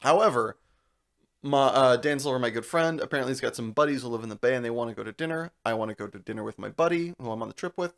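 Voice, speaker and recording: A young man co-hosting a podcast, telling a long story in casual chat, animated and laughing as he goes. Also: mid-range voice, fast talker, vocal fry. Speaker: podcast co-host.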